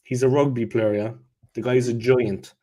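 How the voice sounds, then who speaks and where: A man, co-hosting a casual football chat and telling lively stories, often checking in with "yeah?". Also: mid-range voice, normal speed. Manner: animated anecdote teller, checks in with "yeah?". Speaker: co-host.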